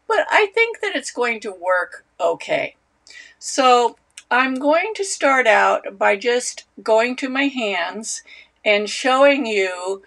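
A woman's voice: medium pitch, creaky. A woman hosting a knitting live stream, chatting casually and greeting viewers by name. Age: older. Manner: warm, chatty, reads out viewer names.

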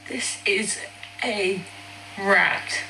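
A woman talking in her sleep, captured by a phone app, slow, mumbled and drowsy. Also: mid-range voice. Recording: distant, echoey, loud hiss.

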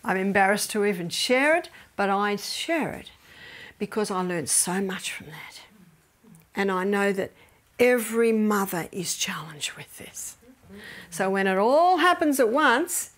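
A woman's voice: mid-range voice, lively intonation, unhurried. A middle-aged woman gives a faith-based health lecture, telling stories with animation and often dropping to near-whispers.

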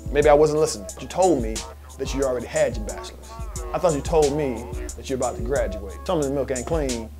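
Animated man hosting a sports vlog. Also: medium pitch, fast talker, over music. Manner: animated storyteller with slang. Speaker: basketball channel host. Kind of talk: casual advice vlog.

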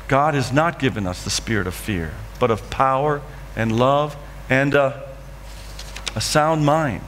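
A man's voice: mid-range voice, unhurried, a bit bright, in a large hall, slight background noise. A man preaching a dramatic testimony in church, acting out scenes from his story. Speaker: guest preacher. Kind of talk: sermon testimony.

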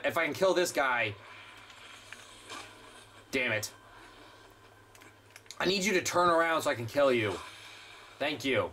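A man's voice: a little high, a bit bright. Guy cursing his way through a horror game, voice all over the place, bit of hiss behind. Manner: frustrated, swearing, ranting at enemies. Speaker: gameplay streamer. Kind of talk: let's play commentary.

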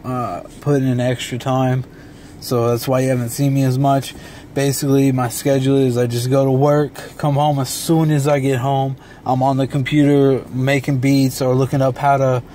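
A young man talking in a relaxed, rambling vlog monologue from a dark room at home, swearing freely. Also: mid-range voice, a little hiss or hum. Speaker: vlogger and beatmaker.

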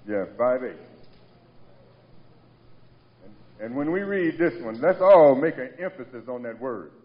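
A man's voice: medium pitch, expressive, a little slow, dull audio. A man preaching a sermon to a congregation, emphatic and repetitive, often asking them to answer back. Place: church sanctuary. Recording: long reverb of a large hall.

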